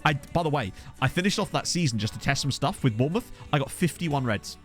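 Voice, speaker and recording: Male streamer, casual and excitable, lively pitch, mid voice, desk mic. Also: quick pace, faint music behind. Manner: chatty, excitable, swears when surprised. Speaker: gaming streamer. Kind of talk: casual live-stream commentary. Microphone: desktop USB microphone.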